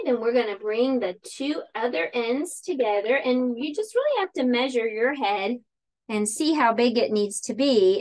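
A woman teaching a children's craft with chatty step-by-step instructions, then reading a picture book aloud with animated storytelling. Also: fairly high pitch. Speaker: teacher hosting a kids' summer camp channel.

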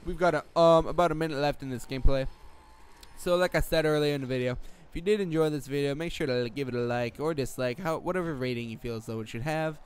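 A man's voice: fairly high pitch, fast talker, clear, resonant tone. A teenage boy giving rambling, jokey gameplay commentary late at night, swearing and jumping between topics. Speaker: gaming commentator.

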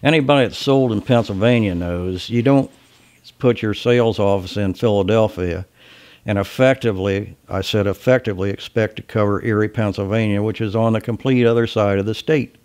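A man from Ohio with a slight Southern drawl gives a casual sales lecture. His voice sits low, and his delivery is blunt, folksy and salty. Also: a little fast, darkish tone. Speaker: sales trainer.

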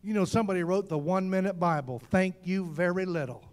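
A man preaching a fervent sermon, calling out to the congregation and often shouting. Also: high voice, quick pace. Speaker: pastor.

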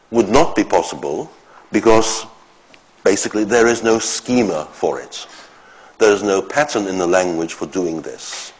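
A man giving an academic lecture, explaining step by step in short phrases with pauses. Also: on the low side, a little mellow, rough recording.

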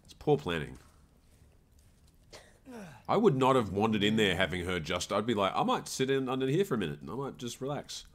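A man with a very deep voice chats while playing a horror game. He keeps up a joking running commentary, and his voice rises and falls a lot. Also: very animated, a little fast, pauses often. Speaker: game streamer. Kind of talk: casual gameplay chat.

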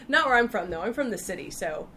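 A woman's voice: fairly high pitch, sing-song, moderate pace, fairly bright tone, slight background noise. A woman from Texas, a podcast guest chatting casually and telling playful stories with frequent laughter. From Texas, USA. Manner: laughs often, playful storytelling. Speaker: podcast guest, freelance writer. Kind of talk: casual conversation.

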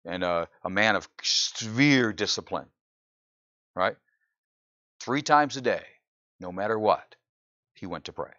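A pastor preaching a sermon in church, often asking the congregation "right?" and building to loud, incredulous exclamations. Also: male voice, on the low side, measured pace, pauses often, dry recording, highs cut off. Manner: animated preaching, frequent "right?" asides to the congregation.

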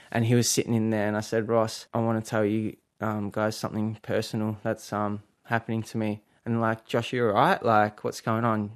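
A young man in his twenties with an Australian accent, telling his story candidly in an interview, with plenty of fillers. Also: fairly low pitch. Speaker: footballer.

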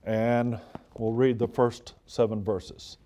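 A man's voice: medium pitch, steady tone, takes it slowly, warm tone. A male pastor delivering a sermon in a fervent, conversational way, repeating key points for emphasis.

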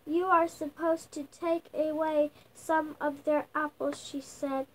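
Young girl, high voice, slow halting storybook read-aloud with restarts, faint room noise. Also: flat delivery, a bit bright, rough recording. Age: child. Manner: slow halting reading, sounding out words with restarts. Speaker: young reader. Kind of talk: reading a picture book aloud. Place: at home.

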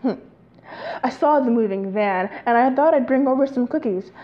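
A woman's voice: fairly high pitch, moderate pace, lightly acted. Upbeat neighborly dad, over-eager and chipper, put on by a woman reading a dating game aloud; dull lo-fi recording. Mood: friendly. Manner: upbeat, overly friendly. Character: cheerful clean-cut dad neighbor, male, middle-aged.

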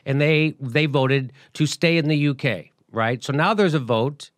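A man's voice: a little high, a little slow, no echo, clean studio sound. Emphatic, blunt middle-aged male host. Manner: animated, emphatic, blunt and profane. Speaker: show host. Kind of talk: political commentary.

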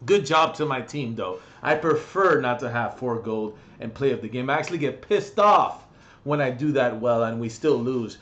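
A man's voice: medium pitch, expressive, moderate pace, a bit bright, muffled recording. A young man ranting brashly in a comedic gaming vlog from his bedroom, crude and mocking, swearing constantly. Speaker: gaming vlogger.

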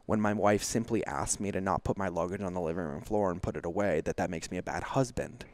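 A man's voice: sits low, quick pace, a little mellow, slight background noise. A man talking candidly as a podcast guest, emphatic and confessional, full of "like" fillers and acted-out quotes. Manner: frequent "like" fillers. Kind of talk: candid conversational storytelling.

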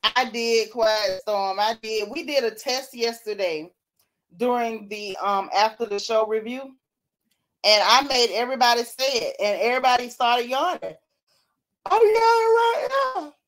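A woman's voice: a little high, normal speed. A woman hosting a casual chat, reading out comments from viewers and laughing often. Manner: animated, laughing, Southern-style slang. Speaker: host.

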